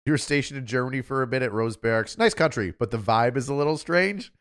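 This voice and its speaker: A man's voice: medium pitch, lively intonation, fast talker, a bit bright. A man hosting a livestream, chatting casually in a rambling, offhand way. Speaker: livestream host.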